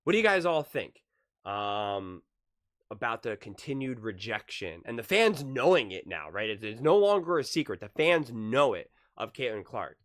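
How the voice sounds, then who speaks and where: In his casual basketball opinion vlog, a man with a mid-range voice speaks at normal speed. He keeps things lively by acting out quotes and using analogies.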